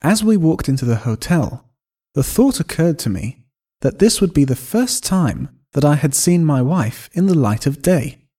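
Man narrating a story with lively pitch. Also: unhurried, husky. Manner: expressive first-person storytelling.

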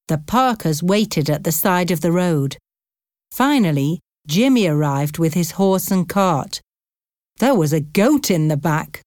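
A woman narrating a graded reader audiobook in a slow, clear, carefully paced way. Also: lowish voice, animated, a little mellow, dry recording, studio quality.

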